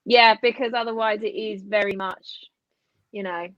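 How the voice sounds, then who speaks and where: A woman with an English accent chatting casually, laughing often and filling pauses with ums. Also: mid-range voice, fairly even intonation, fairly bright tone, no echo, dull audio. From England. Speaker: band member guest. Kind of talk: casual chat.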